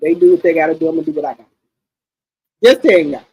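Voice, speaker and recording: A middle-aged woman hosting a livestream, telling stories in a casual, animated, slangy chat and often repeating herself. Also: deep voice, fast, husky, low-quality recording. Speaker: livestream host.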